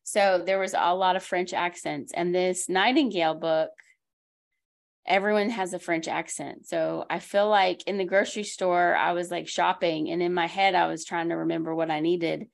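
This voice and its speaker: A woman's voice: lowish voice, fairly even intonation, moderate pace, gravelly. A woman hosting a school library podcast, chatting casually about books with many asides and easy laughs. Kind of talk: casual book talk chat.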